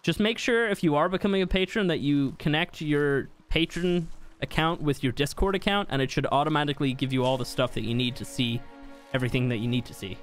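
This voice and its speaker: A man's voice: fairly high pitch, a little fast, soft background music. Chatty young man streaming a game. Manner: chatty, reads viewer comments aloud, laughs easily. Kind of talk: casual live-stream chat while gaming.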